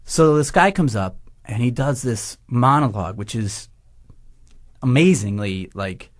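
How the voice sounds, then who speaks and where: A man from Massachusetts tells a funny story on a podcast and slips into the voices of everyone in it. His voice sits at a middle pitch for a man. The telling stays loose and animated from start to finish. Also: a little slow. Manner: animated, acts out quoted voices, laughs through the story. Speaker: guest. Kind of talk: casual storytelling.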